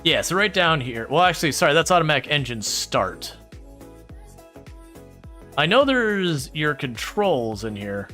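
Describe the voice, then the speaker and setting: A man with a bright, forward voice talks casually through a livestream of a farming game. He rambles from one thought to the next and stops to answer viewers' questions. Soft game music plays faintly underneath. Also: a little high, big pitch swings, unhurried, pauses often. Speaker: streamer.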